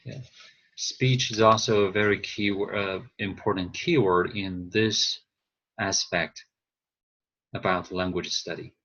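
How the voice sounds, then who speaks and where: A man whose first language is Chinese, teaching a class over a video call and explaining slowly with frequent pauses and fillers. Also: deep voice, steady tone, fairly bright tone, husky, dull audio. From China. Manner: slow, hesitant, thinking aloud with fillers. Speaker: instructor.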